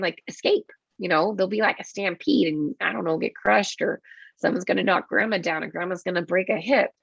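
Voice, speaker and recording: A woman's voice: medium pitch, vocal fry, fairly bright tone, slightly rough, no echo. A woman nurse being interviewed on a podcast, telling a story casually with lots of swearing and acted-out quotes, on dull lo-fi audio. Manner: swearing, quick and vivid, acts out her own quotes.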